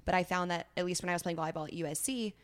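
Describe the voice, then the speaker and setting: A woman's voice: fairly low pitch, racing. A young adult woman hosting an interview, reflective and affirming as she shares her own experiences. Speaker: podcast host, former college volleyball player. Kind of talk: casual interview conversation.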